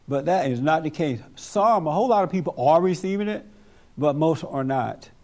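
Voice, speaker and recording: A man's voice: sits high, big pitch swings, moderate pace, darkish tone. A man leading a group talk as pastor, preaching emphatically and laughing often.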